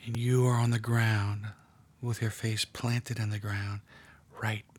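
A man leading a guided prayer meditation, speaking slowly and softly and often dropping to a whisper. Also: on the low side, level tone, breathy edge. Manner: slow, hushed, often whispering. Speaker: prayer leader.

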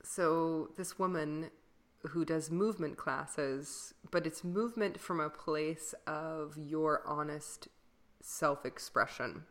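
A woman's voice: sits low, slow pace, a bit bright. A woman who sings classical music, co-hosting a podcast in casual chat, rambling with fillers and laughing often. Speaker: podcast co-host, classical singer.

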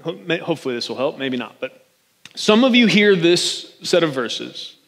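A man's voice: a little high, big pitch swings, normal speed, a bit bright, big-room sound. A man preaching a casual, joking sermon as a pastor, often checking in with his listeners. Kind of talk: conversational sermon.

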